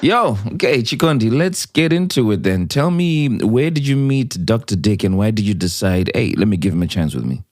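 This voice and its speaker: A man's voice: fairly low pitch, big pitch swings, moderate pace, hardly any pauses, darkish tone, dry recording, studio quality. A man hosting a podcast interview, who keeps affirming his guest and reads the guest's points back. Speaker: podcast host. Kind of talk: casual interview chat.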